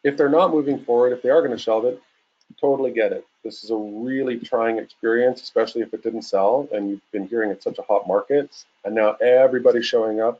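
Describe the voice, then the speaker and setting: Man in his forties, husky voice, casual coaching talk, muffled lo-fi audio. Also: mid-range voice, a little fast. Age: 40s. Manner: casual, animated, acts out calls. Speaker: real estate coach. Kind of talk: webinar talk.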